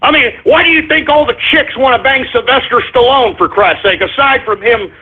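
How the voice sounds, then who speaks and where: A man's voice: extremely high pitch, fairly quick, breathy edge. A man hosting a talk radio show, ranting and rambling, repeatedly asking "all right?", over a tinny phone-line sound.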